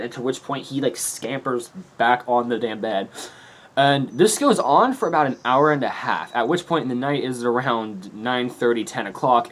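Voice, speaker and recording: A man's voice: medium pitch, fairly bright tone. Teen guy rambling through a story to his camera, laughs a lot, swears a bunch. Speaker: vlogger. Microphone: camera mic.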